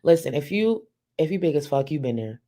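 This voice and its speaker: A commentator giving loose, joking live commentary in a casual chat style, often saying "you know". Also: male voice, fairly high pitch, sing-song, a little fast, mellow.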